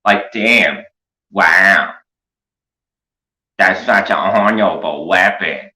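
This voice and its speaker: A man's voice: deep voice, slow pace, sharp tone. A man hosting a commentary show, rambling through a crude, mocking, profane rant. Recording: echoey room.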